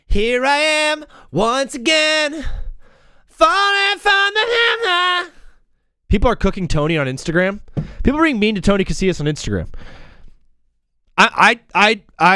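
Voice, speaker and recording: A man hosting a live sports talk show in a rambling, jokey way, with lots of restarts and asides. His fairly high voice swings widely in pitch. It sounds dry and close, with little room sound. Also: clean tone, no echo. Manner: animated, rambling, self-interrupting, jokey.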